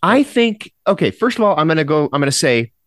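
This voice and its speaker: Male podcast host, lively swinging delivery, laughs a lot, dry close sound. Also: fairly high pitch, a little fast, no room sound. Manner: animated, laughs often, restarts sentences. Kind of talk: casual horror podcast chat.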